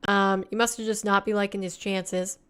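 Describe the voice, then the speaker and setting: A woman's voice: medium pitch, level tone, normal speed, a bit bright, clear, resonant tone. A woman casting a video game tournament in a casual, chatty way, drifting into rambling side talk. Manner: chatty, laughing asides, rambling explanations. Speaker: caster. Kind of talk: casual esports commentary.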